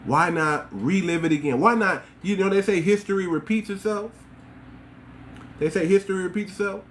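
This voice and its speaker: A man's voice: sits high, moderate pace, fairly bright tone, a little hiss or hum. A man hosting a livestream, talking straight to his viewers in a mocking, rhetorical and preachy way. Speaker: livestream host.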